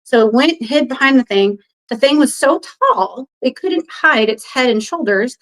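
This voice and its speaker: Woman, podcast guest, casual storytelling, fairly high pitch, rambling with fillers, acts out quoted lines. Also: moderate pace, poor audio. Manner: animated retelling, acts out others' quoted lines.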